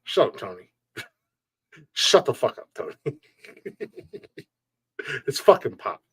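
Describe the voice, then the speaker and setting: Dude hosting a live stream podcast, cussing and joking around, dry close sound. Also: male voice, medium pitch, wildly swooping pitch, takes it slowly, breathy edge, dry recording. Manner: blunt, profane, joking rants; laughs often between remarks. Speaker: podcast host reading chat. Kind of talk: casual live-stream chat.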